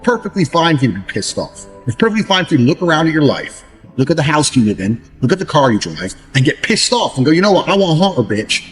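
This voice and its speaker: A fast-talking Englishman with a fairly high voice that swings widely in pitch rants bluntly and profanely as a motivational speaker. He scorns others, mocking them in put-on voices, while faint music plays behind him.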